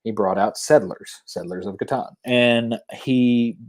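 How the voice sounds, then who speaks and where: A man's voice: medium pitch, unhurried, a little mellow. A man in his thirties with a Southern US accent, a podcast guest chatting casually and rambling through restarts. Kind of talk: casual chat.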